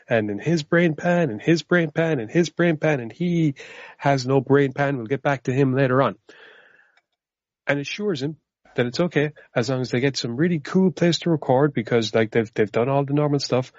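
Casting: male podcast co-host, mid pitch, sweary rambling movie recap, dry dull lo-fi sound. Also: brisk, dry recording. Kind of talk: casual movie review chat.

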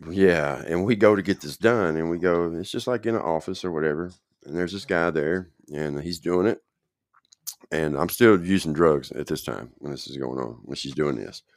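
A man's voice: deep voice, moderate pace, dry recording, studio quality. A man telling his own recovery story in a casual, rambling way, often checking in with the listener.

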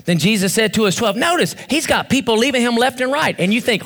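High bright-voiced man preaching. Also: quick pace, few pauses. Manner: animated preacher, acts out voices, rises to shouts. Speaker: pastor. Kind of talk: sermon.

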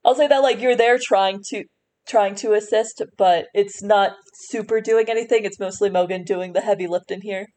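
A woman guiding a tabletop game as its game master. She describes each scene in loose, unscripted narration, pausing with fillers and restarting her sentences. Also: medium pitch, steady tone, darkish tone, slight background noise.

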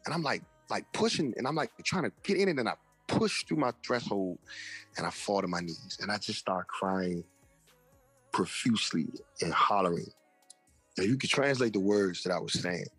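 A man's voice: deep voice, fairly bright tone, breathy edge. A young man, an interview guest and author, telling a personal testimony in casual slang and acting out the voices of people he quotes.

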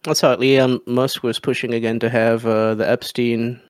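A man's voice: mid-range voice, little pitch movement, moderate pace, clean tone, no room sound. A man co-hosting a casual podcast, laid-back and trading dry quips. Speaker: podcast co-host.

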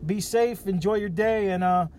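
A man's voice: high-pitched, fairly even intonation, moderate pace, a little mellow, a little hiss or hum. A man hosting a podcast, talking in a casual monologue that is profane, jokey and ranting. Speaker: podcast host.

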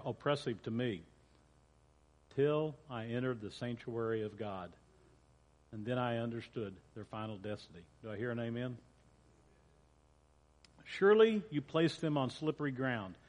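A man's voice: medium pitch, moderate pace, pauses often. Guy preaching in a church, mid voice, chatty, trips over words and backs up, big echoey sanctuary. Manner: conversational, repeats and corrects himself. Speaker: pastor. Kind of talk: sermon with scripture reading. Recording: long church reverb.

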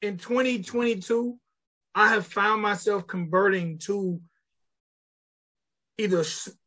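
A man's voice: sits high, takes it slowly. A middle-aged man hosting a casual podcast chat, telling stories animatedly and acting out quotes. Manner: animated storyteller, acts out quotes, swears. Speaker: podcast host.

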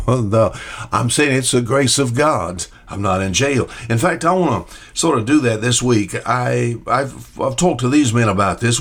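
A man's voice: medium pitch, animated, moderate pace. An older man giving a short radio Bible talk as preacher, folksy, often repeating questions and answering imagined listeners.

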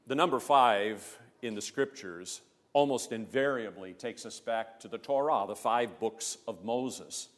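A male pastor delivering a sermon in a measured, emphatic way, pressing hard on key words. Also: lowish voice, fairly bright tone. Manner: emphatic, measured preaching with rising stresses. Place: church. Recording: long church reverb.

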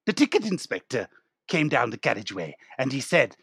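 Man doing a pompous rambling writer, gravel in the voice. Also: medium pitch, very animated, a little fast, a bit bright, no echo, studio quality, full character voice. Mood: storytelling. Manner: rambling, self-satisfied improv guest. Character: pompous male author of a train murder novel. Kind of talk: improvised comedy interview.

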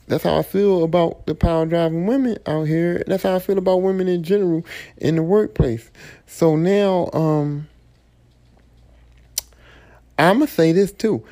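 Gravelly, profane man ranting solo. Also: fairly high pitch, dark tone. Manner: blunt, profane, boastful rant. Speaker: podcast host. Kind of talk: solo podcast monologue.

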